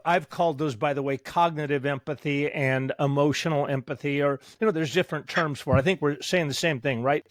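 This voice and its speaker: A man's voice: a little high, no room sound. Talkative man with a dry, close sound. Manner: digressive, animated, pushes back. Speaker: host, psychologist. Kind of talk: conversational discussion.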